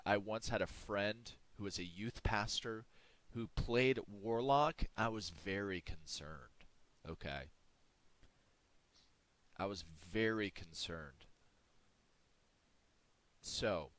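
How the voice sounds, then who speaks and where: A man giving a comedic, mock-preachy monologue, drawing out words with dramatic pauses. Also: fairly low pitch, a bit bright, no echo. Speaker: video creator ranking game classes.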